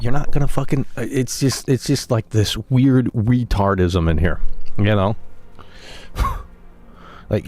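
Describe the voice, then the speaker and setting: Brief: deep-voiced male game streamer, blunt, profane rant, faint music behind. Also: a little mellow. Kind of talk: live stream chat.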